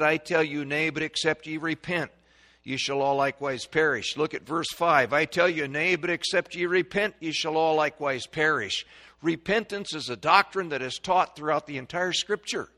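A man preaching a sermon, reading scripture in old-fashioned wording and calling out verses, swinging between loud stresses and quiet asides, recorded in a church sanctuary. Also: fairly high pitch. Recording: long reverb of a large hall.

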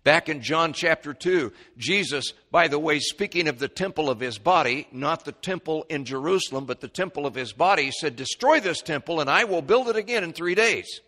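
A man preaching an expository sermon, reading scripture aloud and explaining it, his voice climbing high and loud when he quotes the mockers. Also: expressive, normal speed, hardly any pauses, long reverb tail. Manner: rises sharply in pitch and volume when quoting mockers; reads scripture in King James wording with commentary.

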